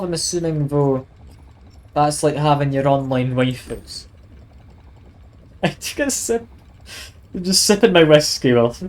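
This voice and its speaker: A man's voice: medium pitch, a little mellow. Man, game streamer, casual commentary, reading aloud, wry. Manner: chatty, wry, reads aloud with asides.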